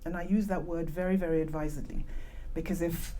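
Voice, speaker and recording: Her voice is low, mellow and steady, and she speaks fairly quickly through a handheld or clip-on microphone, with a little hiss or hum. This British-accented woman, born in Nigeria and raised in Britain, gives an earnest conference talk in a conference room, tossing in chatty remarks about the mic.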